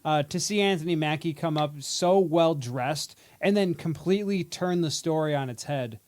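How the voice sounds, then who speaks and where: On a laid-back movie podcast, a male co-host sums up a film and cracks jokes. His voice is fairly high and somewhat dark in tone, and he talks at a normal speed.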